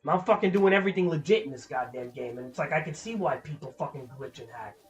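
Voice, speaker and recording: A man's voice: fairly high pitch, fast talker, highs cut off. A young man streaming a game, ranting with lots of swearing in frustration. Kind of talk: casual gameplay commentary.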